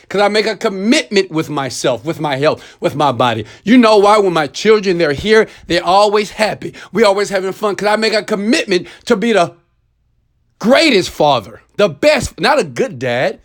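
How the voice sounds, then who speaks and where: A man in his thirties delivering a preachy motivational monologue to viewers, swinging between loud urging and quiet, intimate asides. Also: high-pitched. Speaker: motivational speaker.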